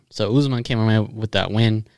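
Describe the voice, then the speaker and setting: A man's voice: fairly low pitch, normal speed, a little mellow, no room sound, clean studio sound. A man telling stories and talking fights in a casual chat with friends, swearing often and breaking into laughs. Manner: laughing storyteller, swears a lot.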